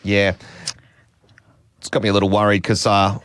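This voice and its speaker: A man's voice: fairly low pitch, completely flat delivery, moderate pace, a bit bright, clear, resonant tone, no echo. A man with an Australian accent hosting a breakfast radio show, chatty and self-mocking, laughing often. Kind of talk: casual radio chat.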